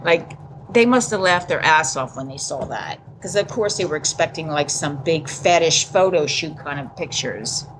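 Woman in her 50s, lowish voice, candid casual storytelling, laughs a lot, faint background hum. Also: lively intonation, normal speed, a bit bright, low-quality recording. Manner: candid, laughing, acts out dialogue. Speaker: podcast guest.

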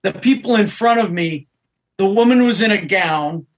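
A man, a podcast guest, telling an animated story in casual chat. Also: high voice, moderate pace.

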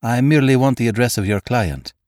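A man's voice: medium pitch, brisk, darkish tone, dry recording, studio quality, voice pushed up, lightly acted. A man voicing an earnest, eager young man in an audiobook reading. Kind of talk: audiobook character voice.

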